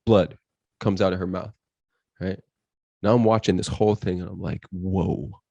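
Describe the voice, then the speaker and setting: Low-voiced man telling an intense story. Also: dark tone, no room sound. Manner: intense, quotes his inner voice and others. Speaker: podcast guest.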